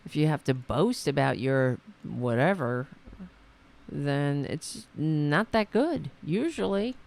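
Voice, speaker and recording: A woman hosts a political talk show in a slow, unhurried way, her voice full of gravelly fry. She mocks her targets sarcastically and rambles, often restarting her sentences. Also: sits low, expressive, a little mellow. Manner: sarcastic, mocking. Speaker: host. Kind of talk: political commentary. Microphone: computer mic on a call setup.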